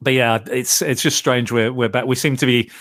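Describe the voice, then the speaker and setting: A man's voice: medium pitch, steady tone, moderate pace, a bit bright, no echo. Male podcast host, mid voice, dry close sound, rambling casual delivery. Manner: rambling, many restarts and fillers. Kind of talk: casual film discussion.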